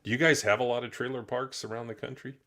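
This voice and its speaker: A man's voice: mid-range voice, fairly even intonation, fast, a bit bright. A man hosting a loose, opinionated live-stream chat, swearing casually. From United States. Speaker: podcast host.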